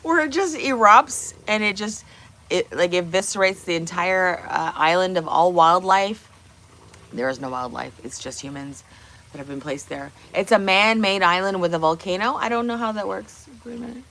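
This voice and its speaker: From her kitchen at home, a livestream host shares blunt opinions, curses freely, and peppers her talk with rhetorical questions. Her voice sits on the low side, a bit bright, at a normal speed.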